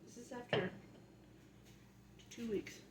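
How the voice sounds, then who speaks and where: A woman's voice: on the high side, steady tone, slow. Young woman, chatty testimony, fervent preaching, echoey room, faint background hiss. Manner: chatty, keeps asking "right?", grows fervent and emphatic. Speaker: vlogger sharing a faith testimony. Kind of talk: casual testimony turning to preaching.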